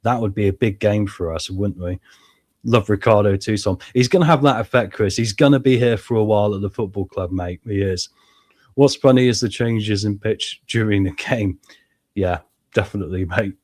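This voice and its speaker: An excitable man, chatting casually to viewers as he plays a football management game, his voice a little strained from shouting. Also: on the low side, normal speed. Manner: excitable, chatty, addresses viewers as mates and guys. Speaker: gaming YouTuber playing a football management game. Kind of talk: casual gameplay commentary.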